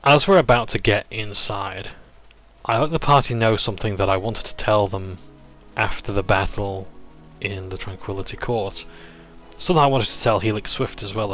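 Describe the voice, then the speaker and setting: A man's voice: fairly low pitch, a bit bright. A man casually recapping a tabletop campaign session, rambling and chuckling as he goes. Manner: rambling, chuckling, self-interrupting.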